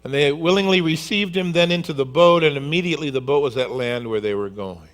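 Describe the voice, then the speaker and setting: A man's voice: on the high side, brisk. A male pastor delivering a sermon, telling the story vividly and acting out its scenes. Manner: animated storyteller who acts out scenes.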